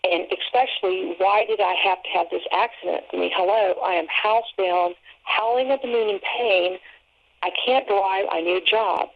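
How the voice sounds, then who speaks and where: A woman's voice: mid-range voice, a little slow. A middle-aged woman, a guest author on a radio interview, giving an earnest testimony of faith. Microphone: telephone. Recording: tinny phone line.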